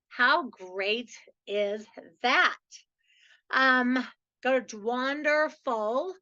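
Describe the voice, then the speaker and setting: Upbeat woman host with a bright, slightly high voice, chatty and keen, recorded on muffled lo-fi audio. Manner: chatty, enthusiastic, says "like" and "so" often. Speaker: podcast host. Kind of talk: upbeat podcast monologue.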